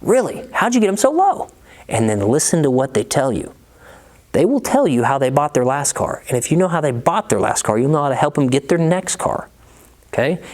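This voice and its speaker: Guy coaching car sales, blunt and swears a lot, voice jumps all over the place. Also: medium pitch. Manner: blunt, profane, acts out both sides of sales dialogue. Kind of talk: casual coaching monologue.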